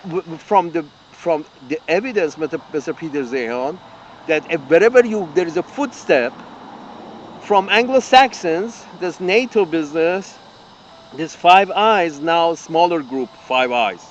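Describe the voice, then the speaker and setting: A man's voice: on the high side, expressive, a little slow, dull audio, slight background noise. A man delivering an angry, profane political rant as an open letter, repeating himself and restarting sentences. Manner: angry, profane, repetitive ranting with frequent restarts. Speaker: political commentator. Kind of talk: ranting open-letter monologue.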